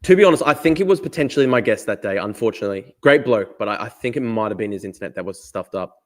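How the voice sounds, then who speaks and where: A man's voice: fairly low pitch, expressive, quick pace. A young Australian man hosting a casual live stream, chatting and answering his chat, often repeating himself. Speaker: streamer host.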